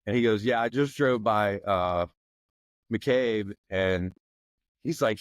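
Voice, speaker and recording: A man in his forties, from the McKeesport area in Pennsylvania, chatting as a podcast guest. His voice sits a little low and sounds dry and close, with no room around it. He rambles loosely and leans on "you know what I mean.". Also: takes it slowly, no echo. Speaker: podcast guest, former football player. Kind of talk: casual podcast conversation.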